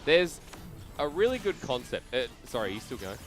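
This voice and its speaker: An Australian man chats casually in a caster booth, drifting into jokey tangents. His pitch swings widely as he talks, and faint music plays underneath. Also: very animated, normal speed. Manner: chatty, laughs often, jokey tangents. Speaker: esports caster. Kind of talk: casual banter between casters.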